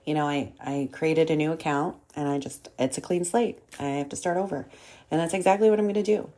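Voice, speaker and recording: A woman's voice: low voice, a little fast, mellow. A woman hosting her own podcast, talking candidly and swearing freely as she tells a story in a casual monologue, still getting over a cold. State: recovering from a cold, coughing. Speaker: podcast host.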